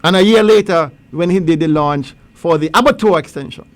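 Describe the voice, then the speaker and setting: A male talk radio host speaking conversationally, with halting restarts. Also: fairly high pitch.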